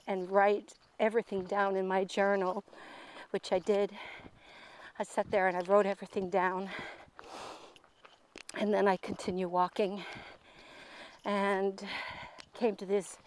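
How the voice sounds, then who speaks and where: A woman telling a personal spiritual story in an earnest, halting way, repeating and restarting her words. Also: medium pitch. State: tearful, voice breaking. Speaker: speaker sharing a personal story.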